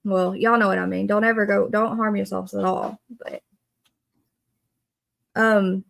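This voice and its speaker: A woman's voice: mid-range voice, little pitch movement, measured pace, gravelly. A woman, hosting a casual live stream and earnestly greeting viewers by name. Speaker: livestream host.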